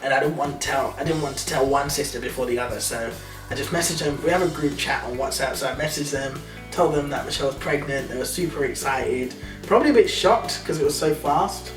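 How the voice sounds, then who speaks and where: A man's voice: medium pitch, a little fast. Jokey man chiming in, echoey room. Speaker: vlog co-host. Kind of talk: casual chat. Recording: roomy, distant mic, music behind.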